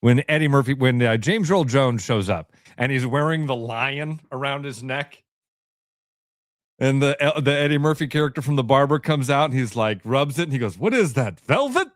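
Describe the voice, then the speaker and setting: A man's voice: mid-range voice, normal speed, no echo, studio quality. A man co-hosting a sports radio show, bantering casually, laughing at his own jokes and repeating words. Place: radio studio.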